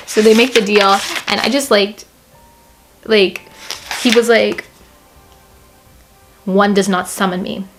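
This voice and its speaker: A young woman talks through a book she loves in a casual vlog, gushing and excitable. She peppers her speech with "like" and stops now and then to read passages aloud. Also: mid-range voice. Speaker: book reviewer.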